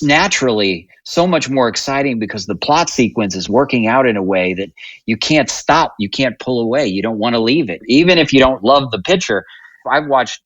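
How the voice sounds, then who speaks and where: A man's voice: mid-range voice, fairly bright tone, no echo, highs cut off. A man hosting a podcast interview, asking questions and musing thoughtfully. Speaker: podcast host.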